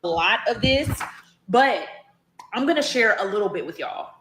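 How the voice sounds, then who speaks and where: A woman's voice: mid-range voice, animated, normal speed, noisy background. A woman reading entries from her old diary aloud, breaking off for chatty asides to her listeners. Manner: chatty, addresses listeners as y'all. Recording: echoey room.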